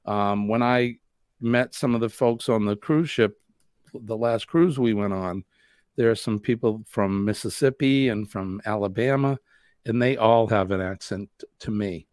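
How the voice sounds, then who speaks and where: A man's voice: lowish voice, a little slow, a little mellow, no room sound, studio quality. A man from New England with a Boston accent, hosting a live stream, chatting in a rambling way and answering viewer comments. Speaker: host.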